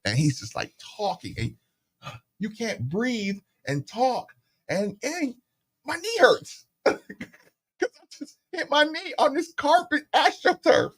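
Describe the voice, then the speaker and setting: This sports radio host, a middle-aged man, takes it slowly in an extremely high, husky voice. He tells casual, animated stories into a studio mic and acts out the voices of people he quotes.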